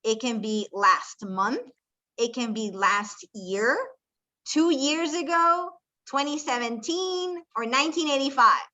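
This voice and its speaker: Speaking slowly in a slightly high voice with a sharp tone, a woman teaches an English class. She patiently goes step by step, quizzes the students, and switches back and forth between English and Spanish.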